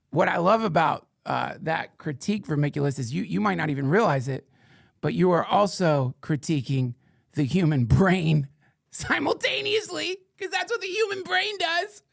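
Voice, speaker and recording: A man hosting a podcast in casual chat, rambling, excitable and swearing freely. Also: a little high, gravelly, no room sound, clean studio sound. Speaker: podcast host.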